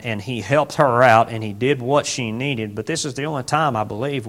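A man delivers a sermon in a mid-range voice. He talks loosely, with fillers and restarts, then swells into louder, emphatic stretches before settling back into a conversational teaching tone. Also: mid-range voice. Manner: rambling with many fillers, rising to loud emphatic bursts. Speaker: preacher.

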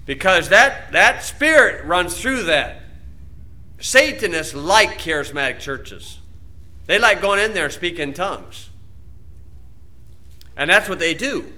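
A man's voice: high voice, animated, a little slow, long pauses, sharp tone. A Baptist preacher man from the United States giving an informal sermon-style talk in a folksy, plain-spoken way with colloquial grammar.

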